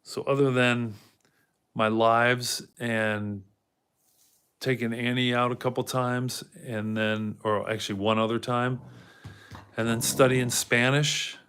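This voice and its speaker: A man's voice: mid-range voice, little pitch movement, takes it slowly, a bit bright, smooth. A man hosting a casual livestream in a rambling way, reading out chat comments and talking to his dog now and then. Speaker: livestream host.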